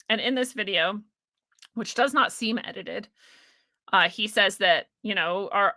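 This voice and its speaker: A woman talking casually to camera, blunt, profane and animated. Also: mid-range voice, no room sound, clean studio sound. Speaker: video blogger. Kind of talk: casual ranting talk to camera.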